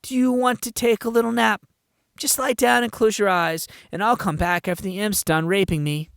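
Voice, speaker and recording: A man's voice: high-pitched, fairly even intonation, moderate pace, creaky, a bit bright, clear, resonant tone, no echo, studio quality, voice pushed up. A man voicing a shy, sly young girl in a fan audiobook reading, speaking meekly and coyly. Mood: teasing. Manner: meek, coy and wheedling. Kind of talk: audiobook character voice.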